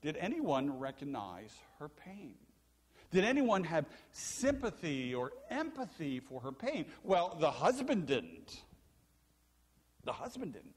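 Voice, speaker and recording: High-pitched and slightly rough, an older man's voice preaches a sermon in a church sanctuary marked by long hall reverb. The pastor is an animated storyteller who asks his congregation questions.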